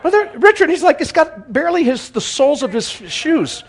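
A man speaking as a guest church speaker, telling a humorous story in a sermon with animated, chuckling delivery. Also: very high-pitched, normal speed, creaky.

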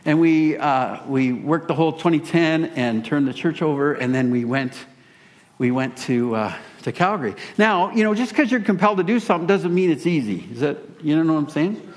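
A male pastor telling a personal story in a sermon, animated and self-deprecating. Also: on the high side, normal speed.

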